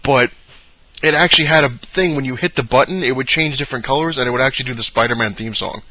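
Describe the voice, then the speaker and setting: A man telling a long, rambling story to camera, excitable and full of fillers and restarts. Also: mid-range voice, fast talker, slight background noise, poor audio. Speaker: comic collector vlogger.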